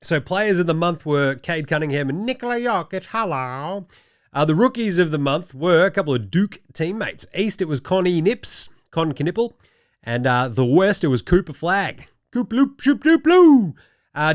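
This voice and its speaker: A man hosting a casual, sweary sports commentary show, full of sarcastic, animated rants. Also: a little high, dry recording, studio quality. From Australia. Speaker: podcast host.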